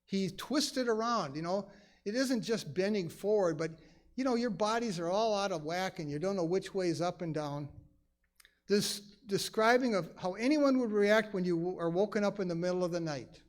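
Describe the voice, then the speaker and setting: A man's voice: sits high, normal speed. A man teaching a conversational Bible study in a church, emphatic and chatty, full of asides. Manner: emphatic, acts out quoted lines; chatty, many "you know" asides.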